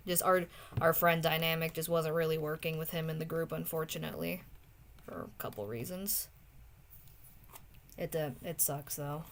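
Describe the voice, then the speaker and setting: A young woman streamer chatting casually with viewers while drawing, often trailing off into soft muttering to herself as she works. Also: deep voice, normal speed, creaky, long pauses, a little hiss or hum. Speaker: streamer drawing art requests.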